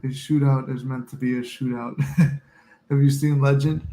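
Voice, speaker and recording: A man's voice: mid-range voice, little pitch movement, measured pace, dark tone, reverberant. A man hosting a casual live chat who jokes, laughs often and acts out movie scenes. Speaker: podcast host.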